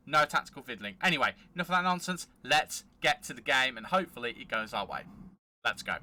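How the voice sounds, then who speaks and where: A man hosting a football management game let's play, giving chatty, excitable play-by-play commentary. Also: mid-range voice. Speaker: gaming channel host.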